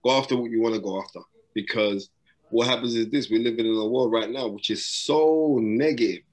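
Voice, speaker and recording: A man's voice: mid-range voice, brisk. Emphatic man, preacherly advice. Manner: emphatic, repetitive and preacherly, with street slang. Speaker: boxing broadcaster and guest. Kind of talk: motivational advice in a casual interview. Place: hotel room during lockdown.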